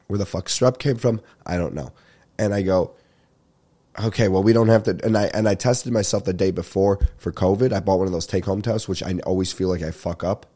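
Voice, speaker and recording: Young male podcast host, stuffy-nosed, low mellow voice, rambling, swears a lot. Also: a little fast. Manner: rambling, swearing, laughs while telling stories. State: congested, getting over a sinus infection. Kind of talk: casual comedic storytelling.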